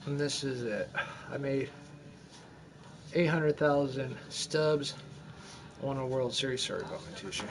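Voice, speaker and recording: A man in his forties casually telling a rambling story over his gameplay, animated and full of restarts. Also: mid-range voice, a little slow, long pauses, noisy background. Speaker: gamer narrating his gameplay.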